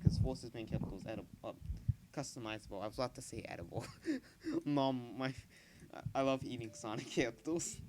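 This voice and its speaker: A man's voice: mid-range voice, a little hiss or hum, low-quality recording. A young man giving casual let's play commentary, goofy and rambling, joking at his own slips. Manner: goofy, rambling, self-mocking. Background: game music.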